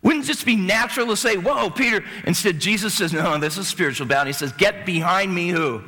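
A man preaching a sermon as a pastor, animated, swinging between loud bursts and hushed asides. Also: high-pitched, fast talker, long reverb tail, soft background music.

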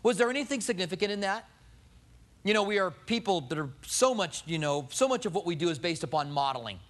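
A male pastor preaches with a fairly high voice that swoops up and down with feeling. He fires off rhetorical questions at the congregation and acts out everyday quotes along the way. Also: expressive, fairly quick, a bit bright. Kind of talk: sermon.

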